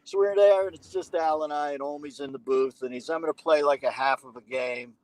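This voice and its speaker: A man's voice: a little high, a little fast, poor audio. A man guest on a podcast, telling a long anecdote in casual conversation with profane, wisecracking asides. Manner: animated anecdote-teller who acts out what others said. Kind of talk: conversational storytelling.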